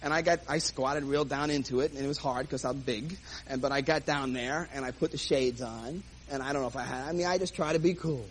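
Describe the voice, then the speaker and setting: A man's voice: mid-range voice, fairly quick, hardly any pauses, a little hiss or hum, low-quality recording. A man comedian telling a self-mocking story on stage and acting out the dialogue. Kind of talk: stand-up storytelling.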